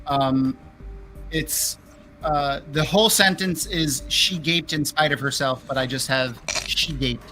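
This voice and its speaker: A man's voice: fairly high pitch, bright, forceful tone, soft background music, rough recording. A man co-hosting a book podcast who speaks casually, stumbling over his first words. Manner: halting, stumbling starts. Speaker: podcast co-host.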